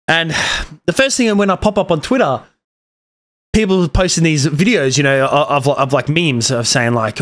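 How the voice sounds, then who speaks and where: A man's voice: on the high side, a little fast, a bit bright. Rambling young man swearing on camera. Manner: rambling, swears often, many restarts. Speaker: YouTuber. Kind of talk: casual commentary vlog.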